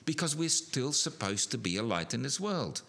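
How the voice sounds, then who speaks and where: A middle-aged man preaching a sermon, animated, building to emphatic peaks with frequent restarts. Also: mid-range voice, moderate pace, creaky.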